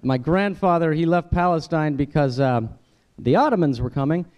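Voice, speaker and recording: An animated American comedian with a slightly mellow voice and a moderate pace performs stand-up at a dinner event hall before a live audience. He chats conversationally and switches into exaggerated, high-pitched voices to quote people.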